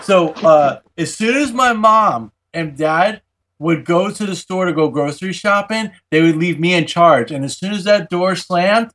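A man telling a childhood story in casual chat, animated and laughing as he goes. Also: sits high, a little slow.

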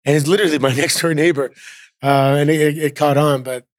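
A man's voice: fairly high pitch, fairly quick, no room sound, clean studio sound. A middle-aged man from Canada, a podcast guest chatting casually and telling stories with lots of fillers. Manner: relaxed storyteller, many fillers. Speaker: guest, former wrestler. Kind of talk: casual interview chat.

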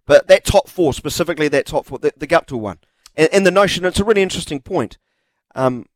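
A man's voice: fairly high pitch, animated, dry recording. A man hosting a sports radio show, teasing his co-host and reading headlines. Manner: teasing, quick to jump in. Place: radio studio. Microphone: studio microphone.

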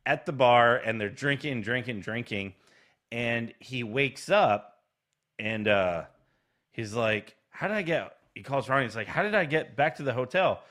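A man's voice: mid-range voice, expressive, unhurried, a bit bright. A man co-hosting a casual podcast, telling stories animatedly and acting out quoted lines with laughter. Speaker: podcast co-host. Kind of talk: casual chat, retelling stories.

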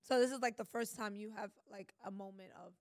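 A woman's voice: mid-range voice, fairly even intonation, brisk, no echo, clean studio sound. A woman co-hosting a casual podcast chat, teasing and conversational. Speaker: podcast co-host.

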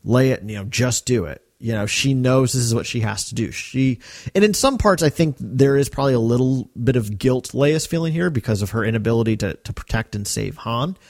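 A man's voice: medium pitch, brisk, gravelly, a little mellow, no room sound, clean studio sound. A man co-hosting a podcast, talking things through in a casual, rambling way with many fillers and restarts. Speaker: podcast co-host.

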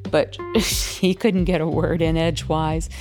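A woman recounting a frightening memory in an interview, halting and hesitant. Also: sits low, flat delivery, music in the background.

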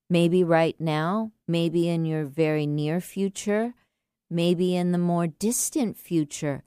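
A woman writing coach and podcast host giving an earnest, encouraging motivational talk with deliberate emphasis, recorded close on a studio mic. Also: low voice, warm tone, smooth, no room sound.

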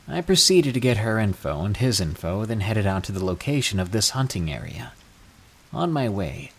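A man reading true scary stories aloud, with an expressive storytelling delivery. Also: fairly low pitch, slightly rough. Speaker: narrator.

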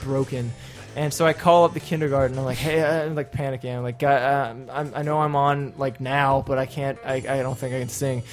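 A man on a podcast telling a story in casual chat, animated, laughing often and acting out the people he quotes. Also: mid-range voice, fairly quick, soft background music. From English-speaking foreigner living in Japan.

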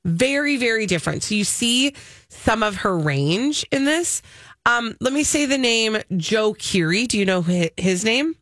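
A woman co-hosting a morning radio show, chatting casually with animated, teasing build-ups and lots of fillers. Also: fairly high pitch, measured pace, no room sound. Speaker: radio co-host.

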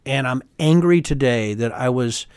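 Emphatic, fast-talking man in an interview. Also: medium pitch, darkish tone, clear, resonant tone, no room sound, clean studio sound. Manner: fast, emphatic and heated, many tag questions. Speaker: guest, former congressman. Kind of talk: candid political interview.

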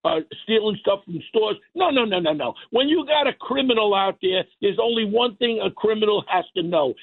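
A man's voice: high-pitched, expressive, brisk, breathy edge. Blunt ranting man on a phone line. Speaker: guest. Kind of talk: heated political talk.

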